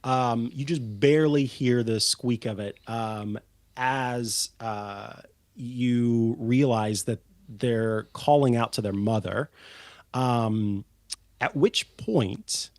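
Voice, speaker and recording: A man narrating as game master of a tabletop game, unhurried and full of ums and uhs. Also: medium pitch, steady tone, a little mellow, no echo.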